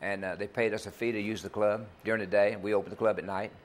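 Fast-talking and flat in delivery, the older country singer and club owner shares rambling folksy tales in a TV interview, his low voice set against slight background noise.

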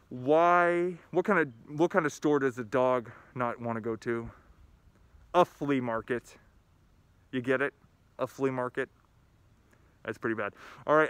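A man's voice: mid-range voice, a bit bright, clean tone, no room sound. A man who is a school principal, talking upbeat and enthusiastic in a video message to students and telling corny jokes.

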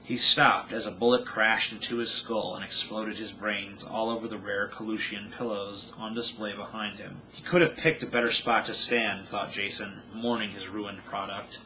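Bright-voiced man reading his novel. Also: on the low side, level tone, moderate pace, hardly any pauses, slight background noise, poor audio. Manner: dramatic storytelling narration.

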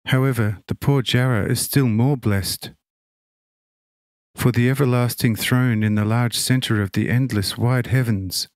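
A man reading a religious text as an audiobook narrator, solemn and measured. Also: mid-range voice, no echo.

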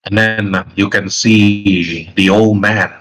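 Low-voiced man narrating a game. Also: fairly even intonation, slow pace, fairly bright tone, low-quality recording. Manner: rambling, run-on narration. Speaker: game master.

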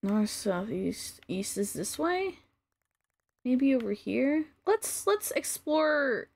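Bubbly woman streamer with lively pitch. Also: slow, gravelly. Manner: chatty and excitable, gushing over cute things. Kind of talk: casual game commentary.

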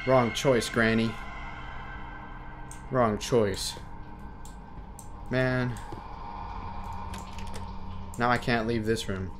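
Jumpy young man playing a horror game. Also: noisy background. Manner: jumpy and excitable, yells at the game, then talks low and taunting. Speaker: gaming YouTuber. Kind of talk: horror game let's play commentary.

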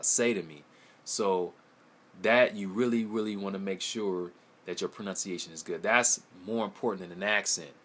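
A man who speaks English as his first language, a language-learning vlogger, gives a casual video response in a rambling, hesitant way, full of ums and repeated words. His voice is deep and a bit bright.

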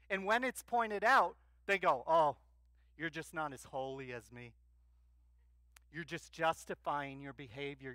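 A male pastor delivers a sermon at an unhurried pace, with a bright, forceful voice. He keeps posing questions to the congregation and answering them with emphasis. The sound is close and dry. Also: a little high, no room sound. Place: church.

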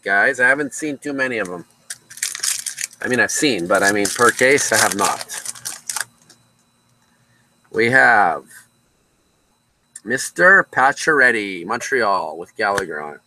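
A man's voice: medium pitch, pushed and bright, slight background noise, rough recording. A man hosting a casual card break from a card shop, chatting with viewers by name as he calls out each card.

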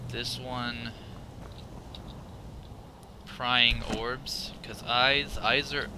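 A man giving live gameplay commentary, profane and excitable, thinking out loud and yelping at scares, with loud game sound under his voice. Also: medium pitch, extremely slow, pauses often, noisy background. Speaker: let's play gamer.

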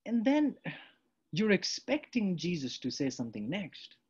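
Husky-voiced male preacher. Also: high voice, unhurried. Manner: animated, acts out quoted prayers and replies. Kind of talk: sermon. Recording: dull lo-fi sound.

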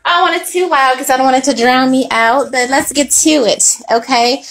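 A woman's voice: sits high, steady tone, a little fast, fairly bright tone, slight background noise. A young woman reading tarot in a casual, slangy chat, laughing often as she talks to her viewers. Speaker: tarot reader.

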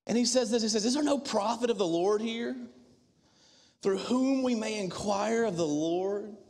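A man preaching a sermon as the church's minister, earnest and emphatic, with dramatic pauses. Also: sits high, darkish tone. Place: church sanctuary. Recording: long hall reverb.

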